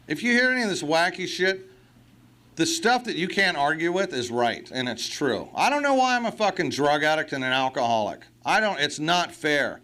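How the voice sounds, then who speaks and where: A man's voice: a little high, sharp tone. A man speaking at a recovery meeting, blunt and profane, with self-mocking humor. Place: meeting hall.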